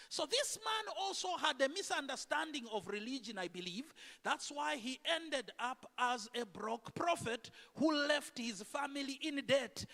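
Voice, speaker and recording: A man preaching a sermon in a church, animated and full of rhetorical questions to the congregation. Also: very high-pitched. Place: church sanctuary. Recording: echoey church hall.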